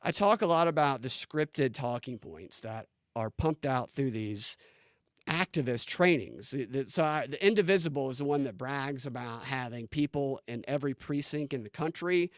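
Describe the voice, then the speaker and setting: A man hosting a commentary show, talking in an animated, incredulous way with many restarts as he reads posts aloud. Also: mid-range voice, normal speed, dry recording, studio quality. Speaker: political commentary show host. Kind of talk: casual on-screen commentary.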